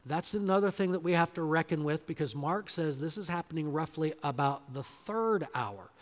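A man preaching an expository sermon in a church, slow and emphatic, building to loud dramatic quotations. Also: fairly high pitch. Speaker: pastor. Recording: long hall reverb.

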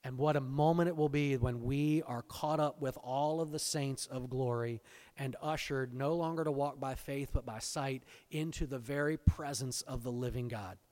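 A man preaching a sermon, swinging between hushed, intense lines and loud, exultant emphasis. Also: mid-range voice, steady tone, normal speed. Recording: long hall reverb.

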